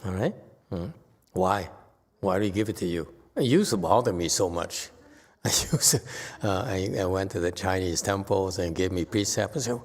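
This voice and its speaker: Male Buddhist teacher, animated dharma talk, long temple-hall reverb. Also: sits low, moderate pace. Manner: animated, emphatic, voices dramatic quotes. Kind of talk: dharma lecture.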